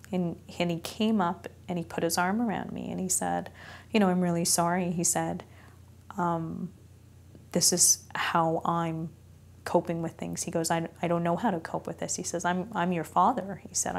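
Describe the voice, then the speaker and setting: A woman's voice: on the low side, creaky, darkish tone, slight background noise. A woman who is a cancer patient, telling her story in an interview in an earnest, reflective way. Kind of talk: interview testimony.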